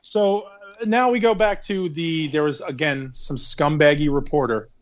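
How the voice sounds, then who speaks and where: A man's voice: a little high, moderate pace, highs cut off, slight background noise. Sarcastic man recapping a movie. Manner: rambling, sarcastic, swears freely. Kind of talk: casual movie recap chat.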